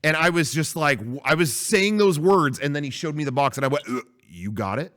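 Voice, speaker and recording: A man's voice: on the high side, expressive, brisk, fairly bright tone. A man co-hosting a casual podcast, telling a rambling story with frequent swearing. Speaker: podcast co-host.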